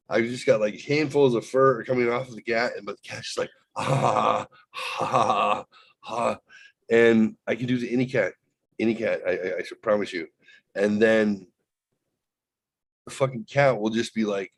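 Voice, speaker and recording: A man hosting a podcast, telling a rambling, profane, animated story in casual chat. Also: medium pitch, low-quality recording. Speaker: podcast host.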